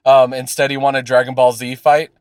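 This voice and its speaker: A man's voice: medium pitch, moderate pace, clear, resonant tone, no echo, studio quality. A man chatting casually on a podcast, rambling with lots of fillers and swearing as he rants. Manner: animated, profane, rambling with fillers. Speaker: podcast co-host. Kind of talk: casual chat.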